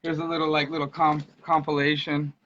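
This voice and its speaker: A man chats as a podcast guest, easygoing and slangy, sometimes trailing off into fillers. His voice is a bit high and very bright, with a forward, tense edge. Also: level tone, a little fast, lo-fi sound. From Utah. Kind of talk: casual chat.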